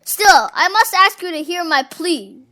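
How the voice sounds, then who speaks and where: A genial old fish-folk king from a fantasy game, put on by a fan doing every role. He speaks in grand, formal phrases, and the voice sits very high and sounds bright and forceful. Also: animated, a little slow, exaggerated voice. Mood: grave. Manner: grand, courtly speech. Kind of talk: voicing game dialogue.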